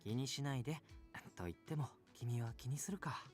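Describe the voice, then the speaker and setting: A man voicing a smooth, soft-spoken young mafia man in a video game, teasing and sometimes dropping to a whisper. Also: medium pitch, quick pace, soft background music, close to an everyday voice. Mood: gentle teasing. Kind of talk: Japanese video game voice acting.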